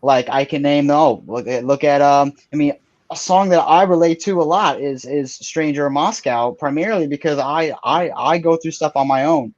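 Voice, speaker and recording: A man speaking in an excitable, rambling way as a panelist in a casual online debate over a video call. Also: on the high side, normal speed, muffled recording.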